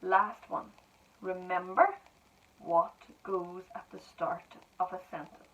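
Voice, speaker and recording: A woman's voice: fairly low pitch, fairly even intonation, slow pace. A woman primary school teacher dictating spelling sentences word by word, with encouraging praise. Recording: dull lo-fi sound from a distance.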